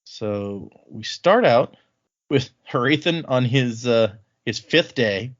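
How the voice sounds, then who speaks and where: A man hosting a book podcast, casually recapping the chapters and acting out characters' lines in quick asides. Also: mid-range voice, lively intonation, lo-fi sound. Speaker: podcast host. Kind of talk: casual book-club chat.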